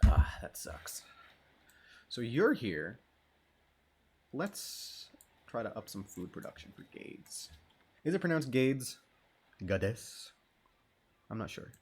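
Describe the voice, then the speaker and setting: A man's voice: mid-range voice, wildly swooping pitch, takes it slowly, long pauses, a little mellow, breathy edge. A man giving casual, rambling gameplay commentary, joking and swearing as he plays. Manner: laid-back, rambling and joking, with frequent swearing. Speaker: gamer.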